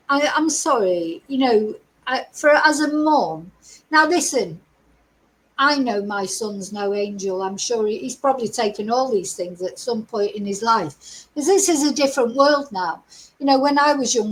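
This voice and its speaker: A woman's voice: a little high, slight background noise, rough recording. A middle-aged woman giving chatty, exasperated livestream commentary as a true crime host. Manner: chatty, exasperated, laughs between remarks.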